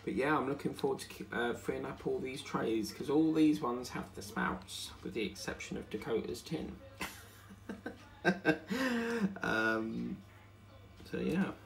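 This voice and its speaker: Guy, tired and yawny, chatting slow and rambly at his craft desk, bit of a croaky edge. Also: mid-range voice. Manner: rambling, chatty, hums and sings to himself. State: tired, yawning. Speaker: diamond painting channel host. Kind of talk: casual chat while crafting.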